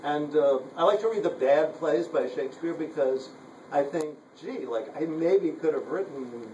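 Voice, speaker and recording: In casual workshop talk at a writers' retreat, a man rambles through his lesson, leaning on "you know" and "like." His voice is a little high, animated and mellow at normal speed. Recorded by a handheld camera across the room, it sounds roomy, distant and lo-fi, with slight background noise.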